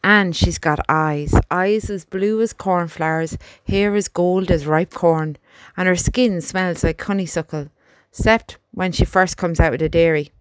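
A woman voicing a gentle young male soldier who talks softly and reassuringly to his horse, in an audiobook. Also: on the low side, unhurried, clean tone, dry recording, lightly acted. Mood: fond. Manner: soft, chatty, reassuring talk to a horse.

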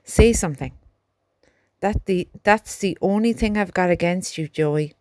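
A woman voicing a gentle young male soldier who talks softly and reassuringly to his horse, in an audiobook. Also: lowish voice, measured pace, no echo, natural voice. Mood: fond. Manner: soft, chatty, reassuring talk to a horse.

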